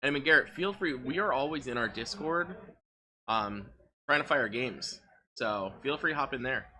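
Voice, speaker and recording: A man doing relaxed live commentary on a card game tournament, chatty and low on energy. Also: normal speed, slight background noise. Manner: relaxed, chatty, lots of filler words.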